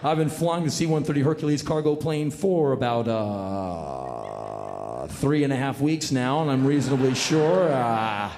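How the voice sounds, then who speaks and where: A man's voice: medium pitch, a little slow, gravelly, background noise. A man voicing a laid-back male military cargo pilot who drawls his announcement with lots of "uh"s. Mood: calm drawl. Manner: hesitant drawl full of "uh"s, calm announcer tone. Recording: long hall reverb, live stage.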